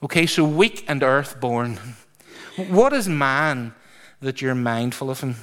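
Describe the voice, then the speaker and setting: A man preaching a sermon to a congregation, asking them questions and stretching words for emphasis. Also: mid-range voice. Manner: lively, drawn-out emphasis, asks congregation questions.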